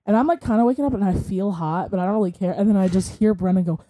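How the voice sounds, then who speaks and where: A woman's voice: mid-range voice, rapid-fire, mellow. A young woman co-hosting a podcast, telling a story in casual chat, rambling with lots of fillers and giggles. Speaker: podcast co-host.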